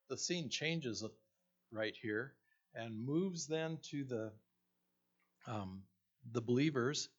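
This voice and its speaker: A male pastor delivering a sermon and telling a story slowly, with fillers and restarts. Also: medium pitch. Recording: dull lo-fi recording.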